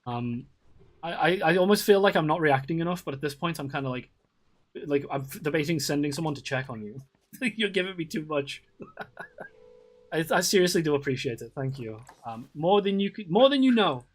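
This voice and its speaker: A man's voice: fairly high pitch, expressive, moderate pace. A man streaming a zoo-building game, chatting casually with viewers in a rambling way, restarting sentences and swearing often. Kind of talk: casual live-stream chat.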